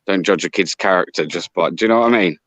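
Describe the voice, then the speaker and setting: A man's voice: low-pitched, quick pace, a bit bright, no room sound. A man speaking frankly and reflectively in a casual chat, with plenty of swearing.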